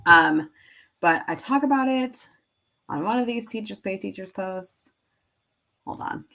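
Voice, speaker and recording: A woman's voice: mid-range voice, expressive, a little slow, pushed and bright, faint music behind. A woman who teaches and sells online, giving a casual screen-share tutorial in a rambling way full of fillers, laughing at herself now and then.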